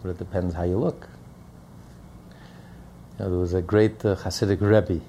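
A man's voice: sits low, steady tone, moderate pace, warm tone, a little hiss or hum. A man teaching a Hasidic text in a lecture, repeating points and asking rhetorical questions. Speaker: Torah teacher.

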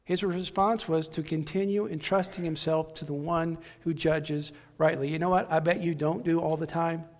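A man's voice: a little high, fairly even intonation, moderate pace, hardly any pauses, long reverb tail. A man preaching a sermon with passion, repeating key phrases for emphasis. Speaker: pastor.

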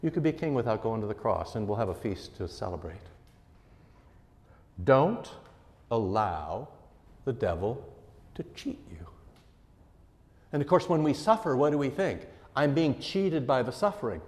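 A man, a pastor, preaching a sermon earnestly and emphatically, his voice rising and falling in loudness. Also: mid-range voice, very animated, measured pace, long pauses, in a large hall.

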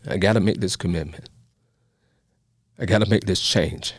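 Deep-voiced minister sharing testimony. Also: male voice, moderate pace, no room sound, clean studio sound. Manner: storytelling, encouraging. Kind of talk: testimony sermon.

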